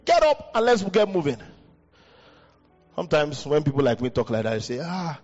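Animated preaching man in a reverberant hall. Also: moderate pace. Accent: West African. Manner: animated preaching, jumps high in pitch for emphasis. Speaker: pastor. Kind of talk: sermon. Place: church hall. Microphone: handheld mic. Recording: dull hall recording with long reverb.

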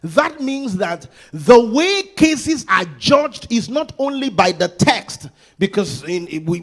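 A man preaching a sermon who swings between sung-out, shouted exclamations and low, conversational asides, often repeating words and restarting phrases.

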